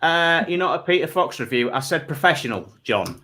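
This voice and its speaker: A man's voice: a little high, big pitch swings, brisk, bright, forceful tone. A man hosting a comedy panel show, rambling and self-deprecating with lots of ums.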